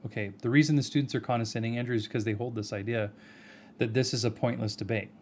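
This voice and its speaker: A man giving an earnest, measured video response, addressing someone directly by name and pressing his points with rhetorical questions. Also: mid-range voice, steady tone, a little mellow, a little hiss or hum. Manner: earnest, argumentative, addresses the other person by name. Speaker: video commentator.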